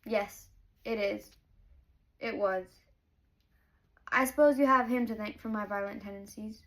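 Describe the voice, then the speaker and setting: A woman's voice: medium pitch, fairly even intonation, measured pace, fairly bright tone, poor audio. Guarded, blunt young woman, read by a woman. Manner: read aloud from a novel, lightly acted.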